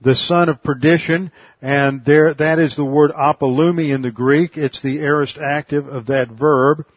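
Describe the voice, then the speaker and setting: A man teaching a Bible study lecture, explaining verses in an unhurried way with frequent restarts and fillers. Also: fairly high pitch, fairly even intonation, no echo, muffled recording.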